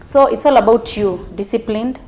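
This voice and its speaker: A woman talk show guest giving brisk advice in a mix of Swahili and English. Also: fairly high pitch, a little mellow, slight background noise, low-quality recording. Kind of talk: casual chat mixing Swahili and English.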